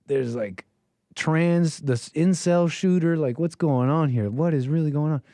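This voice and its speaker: A man's voice: on the high side, measured pace, warm tone, no echo, clean studio sound. A man hosting a call-in show, giving casual, mocking, incredulous commentary as he reacts to text he reads aloud. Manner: incredulous and mocking, with frequent chuckles.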